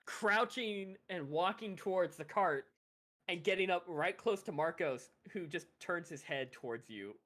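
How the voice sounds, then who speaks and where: Animated male game master. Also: high voice, a little slow. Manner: lively, stumbling restarts. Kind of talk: narrating a tabletop game.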